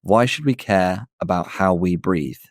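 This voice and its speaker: A man hosting a podcast in casual chat, hesitant, with many fillers, and quick to laugh. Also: low voice. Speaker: podcast host.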